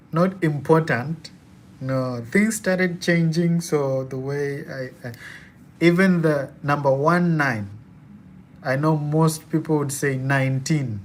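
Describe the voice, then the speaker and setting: A man's voice: fairly high pitch, a little hiss or hum. A young man from Kenya with a Kenyan accent, chatting casually and laughing often as he hosts a live Q&A. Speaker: student and live-stream host.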